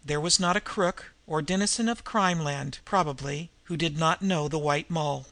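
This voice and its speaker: A man reading a novel aloud in measured, even storytelling narration. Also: on the high side, no echo. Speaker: audiobook reader. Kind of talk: scripted narration.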